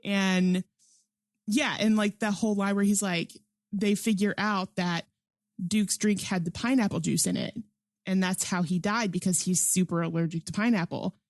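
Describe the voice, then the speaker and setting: A woman's voice: mid-range voice, steady tone, normal speed, dry recording. An enthusiastic woman co-hosts a casual podcast, reviewing a film in an easygoing, rambling way. She leans on "like" constantly and laughs often as she talks. Her voice sits in a middle range and sounds dry and close to the mic. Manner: enthusiastic, chatty, heavy use of "like"; laughs often while talking. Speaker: podcast co-host. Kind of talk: casual movie review chat.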